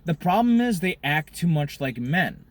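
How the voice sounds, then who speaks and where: Vlogger, male, profane cigar-smoking rant, voice sits a bit high, alternates loud bursts with low asides. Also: big pitch swings, normal speed, slight background noise. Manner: profane, swings between loud outbursts and muttered asides; smoking a cigar while talking. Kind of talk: ranting monologue.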